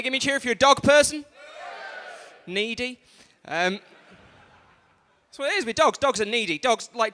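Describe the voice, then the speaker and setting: A man's voice: sits high, bright, forceful tone. A man hosting an awards night live on a stage microphone, chatty and rambling with asides to the audience. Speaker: event host and compere. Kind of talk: live stand-up compering. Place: large museum event hall. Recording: reverberant hall on live stream.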